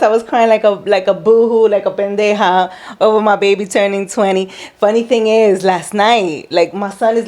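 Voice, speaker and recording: A woman's voice: medium pitch, a little mellow. A woman in her forties co-hosting a podcast, telling family stories in a chatty, casual way and mixing in Spanish words. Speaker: podcast co-host. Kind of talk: casual chat.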